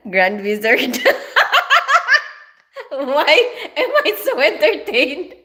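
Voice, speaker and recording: Very animated and drawing out her words, a Filipina woman hosts a casual livestream, reading the chat, laughing, and greeting viewers by name. Her voice sits high with a fairly bright tone, and her accent is Filipino.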